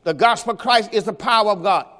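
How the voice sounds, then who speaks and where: A man's voice: sits high, fast talker, bright, forceful tone, in a large hall. A man preaching a Sunday sermon as pastor, in a folksy style that mixes scripture quotes with rhetorical questions. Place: church during Sunday service.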